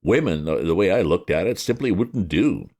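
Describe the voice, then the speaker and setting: Very deep, gravelly comic storyteller, a man. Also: normal speed. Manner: lively, wry comic storytelling. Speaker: reader of classic fiction. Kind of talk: audiobook narration.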